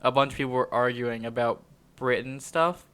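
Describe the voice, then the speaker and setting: A man's voice: medium pitch, steady tone, normal speed, a bit bright, clean tone. A young man co-hosting a podcast, chatting casually, rambling and laughing often. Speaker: podcast co-host. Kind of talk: casual chat.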